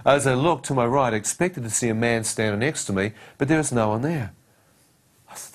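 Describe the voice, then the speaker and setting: A man's voice: mid-range voice, brisk. A man giving a personal testimony, telling his story dramatically and acting out the dialogue and his own thoughts.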